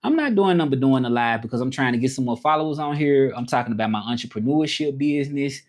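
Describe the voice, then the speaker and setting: Man, livestream host, mid-pitched, rambling casual talk. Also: lively intonation, fast. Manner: rambling, restarts, reads chat aloud. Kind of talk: casual livestream chat, reading comments. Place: home, livestreaming from Mexico.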